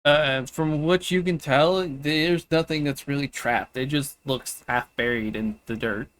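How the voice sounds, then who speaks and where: Halting man narrating a tabletop game. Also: on the high side, a bit bright, a little hiss or hum. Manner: halting, restarts often, laughs between lines. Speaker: game master.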